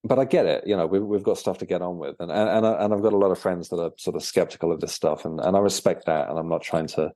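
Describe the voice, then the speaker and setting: Deep, mellow man telling his story. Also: no room sound, clean studio sound. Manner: halting, with frequent repeated words and fillers. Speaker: guest, author and medium. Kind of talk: casual storytelling interview.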